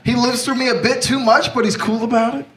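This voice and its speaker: A young man performing a stand-up set, brash and confessional, talking in an animated way. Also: extremely high pitch, fairly quick. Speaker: stand-up comedian. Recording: roomy echo, mic far off, noisy.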